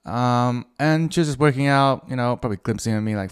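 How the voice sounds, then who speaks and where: A middle-aged man hosting a podcast by himself, drifting from topic to topic. He swears freely and jokes at his own expense. His voice sits at an ordinary male pitch. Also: fairly quick, clean tone. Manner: profane, rambling, self-mocking. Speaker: podcast host. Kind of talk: casual solo podcast monologue.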